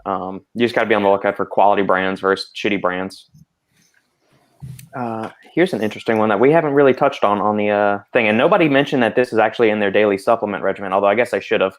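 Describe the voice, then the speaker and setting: A man's voice: fairly low pitch, fast. A man hosting a panel podcast, explaining at length in casual talk full of fillers. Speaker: podcast host.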